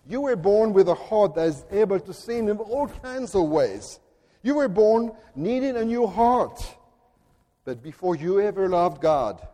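A man with a French accent preaching a sermon in an earnest, deliberate way, at times speaking directly to children. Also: high-pitched, mellow, long reverb tail. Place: church.

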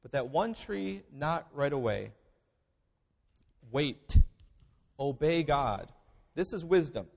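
A man preaching in a church sanctuary, his voice high and animated, rising to loud declarations and dropping to hushed asides. The sound carries the long reverb of a large hall. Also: a little slow, vocal fry. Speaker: pastor. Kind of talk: sermon.

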